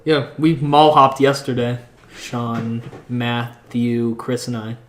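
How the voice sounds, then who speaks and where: A man's voice: medium pitch, little pitch movement, slow. Young man, podcast co-host, jokey, laughs a lot, roomy echo, faint hiss. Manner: jokey, laughs often, bursts into loud mock quotes. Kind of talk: casual chat. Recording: echoey room with faint noise.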